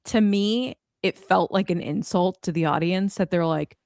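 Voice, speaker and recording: A young woman with a lowish voice co-hosts a chatty podcast. She lays out her opinions bluntly, sounding exasperated and leaning on fillers. The sound is close and dry, with no room echo. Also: normal speed, vocal fry, a little mellow. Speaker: podcast co-host. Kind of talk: casual chat.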